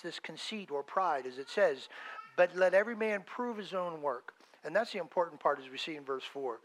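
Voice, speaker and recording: A male pastor delivering a sermon in a relaxed, talky manner. His voice sits a little high for a man. He leans hard on key words, then drops to soft, low asides. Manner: conversational preaching, swinging between loud emphasis and quiet asides.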